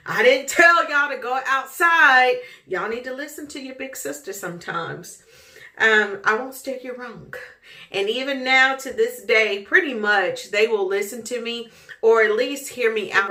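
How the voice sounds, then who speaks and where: Animated woman telling a story. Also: a little high, measured pace. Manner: animated, laughs often while telling. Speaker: vlogger. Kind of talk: casual storytelling. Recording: echoey room.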